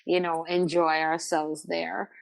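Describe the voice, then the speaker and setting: A woman's voice: lowish voice, little pitch movement, slow pace, creaky. A woman from Jamaica with a Jamaican accent, a podcast guest talking candidly and emphatically in conversation, often repeating words for emphasis.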